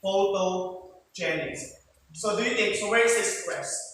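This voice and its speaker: A man's voice: high-pitched, brisk, sharp tone, slight background noise. A man teaching a class, explaining patiently and often checking in with his students. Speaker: teacher giving a demonstration lesson. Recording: echoey room, mic far off.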